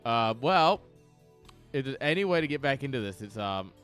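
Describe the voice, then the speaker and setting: A young man casting a live strategy game match, excitable and joking, breaking into loud yells. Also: medium pitch, normal speed, clear, resonant tone, soft background music. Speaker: esports caster. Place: home streaming setup.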